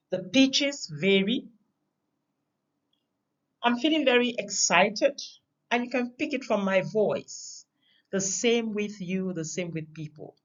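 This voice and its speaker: A woman gives a recorded lesson on communication, emphasizing words with sharp swings in pitch and volume. The high frequencies of the audio are cut off.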